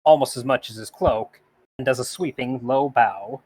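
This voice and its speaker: A man's voice: medium pitch, moderate pace, a little mellow, husky. A man playing a tabletop game, playful and theatrical as he describes his character. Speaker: player.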